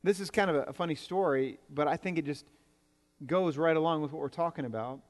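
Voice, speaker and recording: In a church sanctuary, a pastor with a fairly high, brisk voice preaches to his congregation. His sermon is conversational, sprinkled with jokes and repeated words, and the recording carries the reverberation of the hall.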